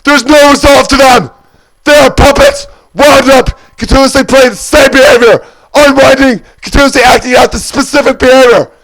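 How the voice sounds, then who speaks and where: Man, very high voice, gravelly edge, shouting, wailing, agitated monologue, repeats and lists words. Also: poor audio.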